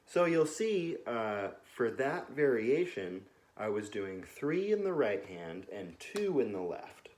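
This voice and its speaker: A young man giving a relaxed music lesson from his couch at home, often pausing with ums and uhs and counting beats aloud. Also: on the low side. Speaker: music teacher. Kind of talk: casual instructional talk. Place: home living room, on a couch.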